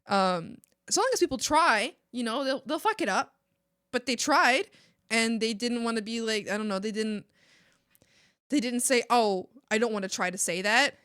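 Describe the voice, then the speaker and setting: A young woman from Mexico chatting casually on an art stream, animated and ranting, laughing often and swearing casually. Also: on the high side, smooth, dry recording, studio quality. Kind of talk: casual live-stream chat.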